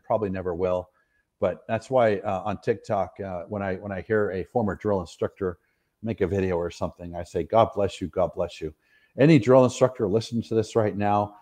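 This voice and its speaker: A middle-aged American man with a fairly low voice tells his service stories as a podcast guest. He rambles earnestly and laughs often. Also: a little mellow. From United States. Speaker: podcast guest, retired soldier. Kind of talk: casual interview storytelling.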